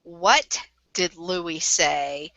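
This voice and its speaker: A woman's voice: on the low side, drawn-out words, gravelly, pushed and bright, no echo, full character voice. Night Eyes, a woman voicing a stern werewolf den mother. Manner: commanding, dry and fed up. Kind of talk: voiced tabletop role-play. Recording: dull lo-fi voice chat.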